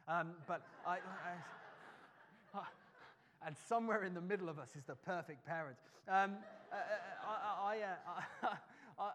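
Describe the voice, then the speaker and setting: Animated preacher man in a reverberant hall. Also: fairly high pitch. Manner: animated storytelling, acts out calling and scolding, stammering restarts. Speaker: pastor. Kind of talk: sermon with personal story. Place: church hall.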